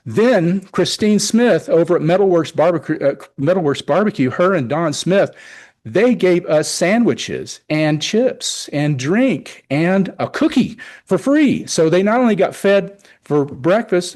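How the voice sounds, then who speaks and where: A man's voice: on the high side, darkish tone. A middle-aged man giving an enthusiastic, rambling report at a public meeting, often retelling conversations. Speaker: car show organizer presenting to town board.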